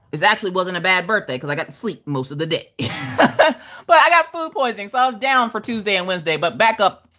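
A woman with a fairly high, bright voice and a forceful tone hosts a casual crafting livestream. She says hello to viewers by name and reads their comments aloud, laughing playfully.

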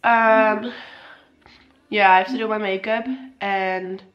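A woman's voice: mid-range voice, level tone, takes it slowly, highs cut off. A young woman vlogging in a casual, rambling way, with a sore throat and a voice partly gone from a cold. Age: young adult. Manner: chatty, rambling, self-correcting, mildly sarcastic. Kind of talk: casual vlog chat.

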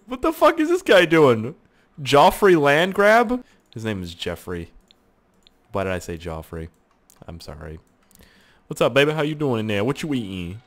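A young man casually commenting on a life-sim game he is playing, swearing freely, joking and talking to his characters, swinging between mumbled asides and loud outbursts. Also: lowish voice. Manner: profane, jokey, talks to the game characters. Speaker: gaming YouTuber.

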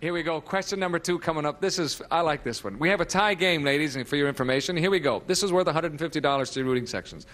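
A man's voice: a little high, rapid-fire, few pauses, a bit bright, faint music behind. A man in his thirties hosting a 1970s TV game show, bouncy and chatty, laughing often. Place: TV studio with audience. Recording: noisy 1970s TV audio, studio audience.

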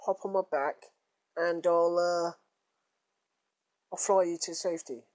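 A man's voice: on the high side, fairly even intonation, measured pace, a little mellow, close to an everyday voice. A man putting on a blunt, rude male pigeon in a comic story. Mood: gruff. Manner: blunt, cockney-style slang. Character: gruff, rude, super strong male pigeon.

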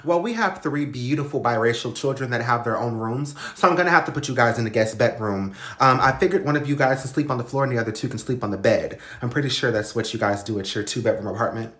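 A man's voice: mid-range voice, quick pace, hardly any pauses, fairly bright tone, roomy sound, pitched below the performer's own voice, natural voice. A man voicing a prim, condescending stepmother who speaks in a sugary tone.

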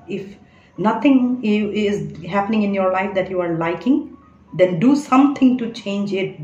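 A woman's voice: mid-range voice, darkish tone. Earnest woman tarot reader. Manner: earnest, coaxing, keeps adding "all right?". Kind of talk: spiritual tarot reading to camera. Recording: echoey room.

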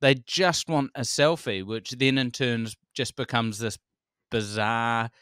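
A man in his forties with a New Zealand accent, a comedian telling stories as a podcast guest, animated, laughing often and swearing freely. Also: medium pitch, slow pace, clear, resonant tone, dry recording, studio quality. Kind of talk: casual conversation.

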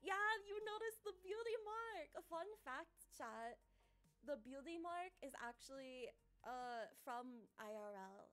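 A woman's voice: sits high, animated, unhurried. A woman streamer talking to her chat, giggly, flirty and teasing.

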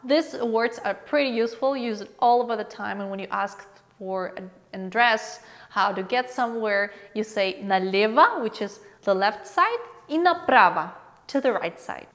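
A woman teaching a language alphabet lesson, saying each letter slowly and repeating example words. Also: on the high side, a bit bright, big-room sound.

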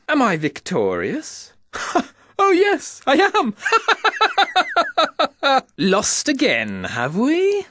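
An actor playing a sly male snake lord for a video game, with an oily, mocking, drawn-out delivery. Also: mid-range voice, no room sound, clean studio sound, exaggerated voice. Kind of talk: video game villain voice acting.

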